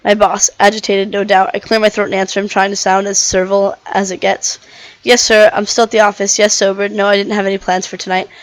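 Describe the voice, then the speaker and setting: In a dry, low-quality recording, a woman with a natural, medium-pitched voice reads a visual novel aloud in plain first-person narration, playing a weary, cynical male herbivore dinosaur detective. She speaks fast with a flat delivery and makes small restarts over misread words.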